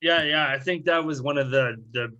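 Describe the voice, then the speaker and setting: A man's voice: a little high, normal speed, sharp tone. A man co-hosting a podcast, laid-back and mostly agreeing in casual chat. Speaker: podcast co-host. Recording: dull lo-fi audio.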